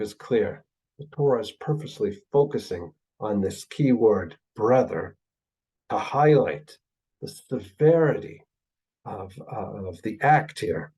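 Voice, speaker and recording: A man's voice: a little high, darkish tone, rough recording. A man giving a Bible lecture, thinking aloud with many uh fillers and checking in with "right?" as he builds his point through emphatic repetition. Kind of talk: recorded lecture.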